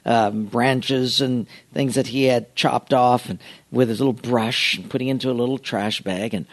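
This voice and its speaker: A middle-aged male pastor telling a humorous, self-mocking anecdote in an animated storytelling way. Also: mid-range voice, moderate pace.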